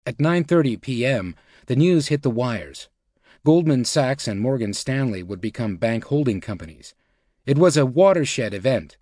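Steady and measured, the male audiobook narrator reads nonfiction from a script in a mid-range voice. There's no room sound; the recording is dry and sits right up close.

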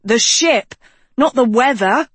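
A woman acts out a stubborn teenage girl fighting a storm at the wheel, her voice raised and growling. Dry and close, a touch higher than the narration. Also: lively intonation, slow pace, breathy edge, no room sound, exaggerated voice. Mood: urgent. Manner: raised, growling and shouting over wind.

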